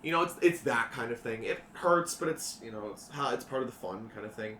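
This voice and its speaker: A man runs a tabletop game in a loose, rambling way, swearing casually. His voice is bright and lively. It sounds distant in an echoey room. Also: medium pitch, a little fast, a little hiss or hum. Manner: rambling, laughing, profane asides. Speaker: game master.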